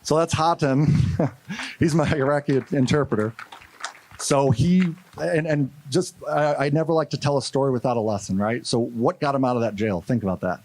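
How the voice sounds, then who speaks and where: Animated man telling a war story. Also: medium pitch, moderate pace. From St. Louis, USA. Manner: animated, acts out quotes. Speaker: conference speaker. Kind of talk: storytelling keynote talk.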